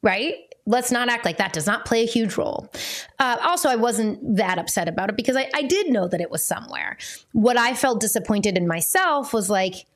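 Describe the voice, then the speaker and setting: A woman's voice: fairly high pitch, animated, moderate pace. A woman hosting a parenting podcast, talking in a chatty, candid way with fillers and self-corrections. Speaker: podcast host and parenting coach.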